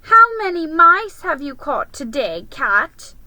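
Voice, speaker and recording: A woman voicing a mob of mocking creatures with a shrill, taunting voice in a storybook reading. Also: expressive, unhurried, bright, forceful tone, no room sound, exaggerated voice. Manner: shrill taunting, high-pitched. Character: jeering crowd of monstrous creatures, mocking.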